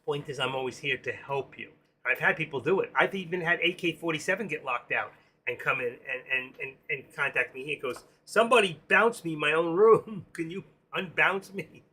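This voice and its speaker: A man's voice: medium pitch, bright, forceful tone, slightly rough. A man hosting a casual live stream, rambling and joking as he talks to his viewers by name. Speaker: live stream host and room moderator.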